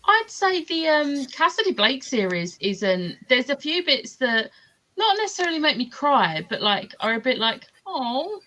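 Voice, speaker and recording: A woman's voice: high voice, very animated, normal speed, pushed and bright, poor audio. A woman chatting casually about books on a video call, rambling with lots of fillers. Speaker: booktuber host. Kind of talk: casual chat.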